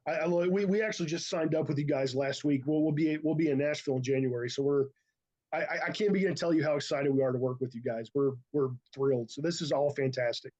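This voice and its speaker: A man on a call, talking eagerly and haltingly, often repeating words as he tells his story. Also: fairly high pitch, darkish tone, rough recording. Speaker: call participant, IT business owner. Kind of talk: casual conversation.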